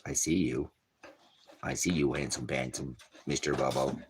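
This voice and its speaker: A man's voice: rumbling low, fairly even intonation, normal speed, noisy background. A man with a cough rambling in casual livestream chat from a small cabin, often talking sweetly to his dog. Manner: rambling, talks baby-talk to his dog. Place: small hot cabin, off-grid farm.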